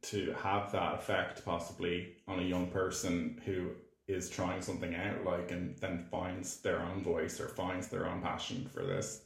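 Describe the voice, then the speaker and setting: A male host asks easygoing questions and answers with brief affirmations. His voice is very deep and gravelly. The recording is drenched in room echo. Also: measured pace, few pauses. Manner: short affirming replies and gentle questions. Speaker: podcast host. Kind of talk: casual interview chat. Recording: very echoey room.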